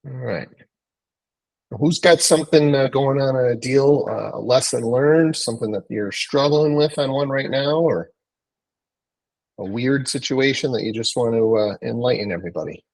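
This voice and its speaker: A man's voice: mid-range voice, moderate pace, gravelly, darkish tone, poor audio. A man hosting a real estate training call, talking loosely and casually with many fillers. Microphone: video call.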